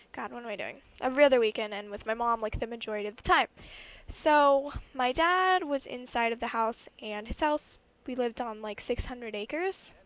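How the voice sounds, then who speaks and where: A woman's voice: on the high side, fairly bright tone. A young woman vlogger telling a personal story in a chatty way, with lots of fillers and the odd swear word. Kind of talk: casual storytime while gaming.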